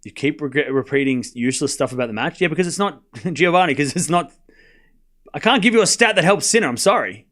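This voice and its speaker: A man with a high voice calls a tennis match live for his stream. He is up late at night, trades quick banter with his viewers and rattles off each score as it comes. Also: lively intonation, fairly bright tone. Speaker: livestream tennis commentator. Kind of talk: casual play-by-play commentary and chat replies.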